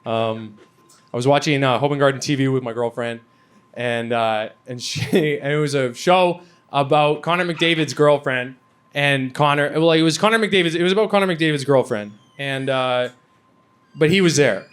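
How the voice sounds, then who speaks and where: A young man from Canada doing a stand-up comedy set, rambling and halting with lots of fillers. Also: mid-range voice, fairly bright tone. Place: comedy venue with a laughing audience.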